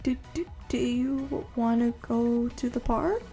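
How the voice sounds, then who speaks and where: Shy stammering young man, soft and unsure, voiced by a woman. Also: fairly high pitch, fairly even intonation, slow pace, roomy sound, faint music behind. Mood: nervous. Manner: stuttering, hesitant. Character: shy, nervous young man who stutters.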